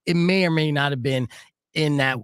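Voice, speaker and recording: A man's voice: on the high side, moderate pace, a bit bright, smooth, dry recording. A man hosting a live radio show, telling stories in a brash, casual way and swearing freely from a studio mic. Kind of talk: casual on-air storytelling.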